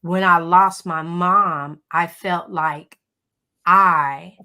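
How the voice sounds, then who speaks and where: Bright-voiced woman telling a grief story. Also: on the low side, extremely slow. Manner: emotional, animated storytelling with Southern turns of phrase. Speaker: guest. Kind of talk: personal storytelling. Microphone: livestream call.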